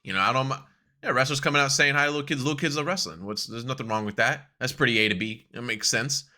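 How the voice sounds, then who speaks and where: Young male co-host, bright voice, animated ranter, loose and profane. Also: medium pitch, fast talker. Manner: animated ranting, swears a lot, laughs often. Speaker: podcast co-host. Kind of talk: casual chat.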